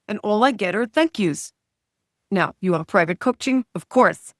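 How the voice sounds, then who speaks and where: A middle-aged woman, a health coach, speaking as a podcast guest with enthusiastic talk that swings up and down in pitch and loudness. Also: expressive, normal speed, no room sound, studio quality. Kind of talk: casual podcast interview.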